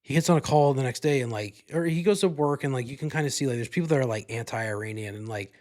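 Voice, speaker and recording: A man's voice: medium pitch, quick pace, darkish tone. Rambling, profane male podcast host. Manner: rambling, profane, heavy use of "like" and "you know". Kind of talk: casual movie review monologue.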